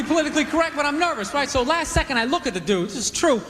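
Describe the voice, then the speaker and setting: A male stand-up comic with a high voice for a man rambles through his set, packed with "you know" and "like" asides. He is recorded live from a handheld mic in a reverberant club, with a faint crowd murmur underneath. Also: animated, rapid-fire, hardly any pauses, noisy background. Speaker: stand-up comedian. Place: comedy club stage with live audience.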